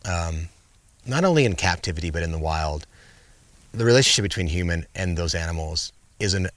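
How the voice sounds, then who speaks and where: Deep-voiced middle-aged guy chatting in an interview, lively storyteller, acts out what he said. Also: brisk, dry recording. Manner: animated storyteller, acts out commands to his bear. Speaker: guest, wildlife filmmaker. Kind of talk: casual interview chat.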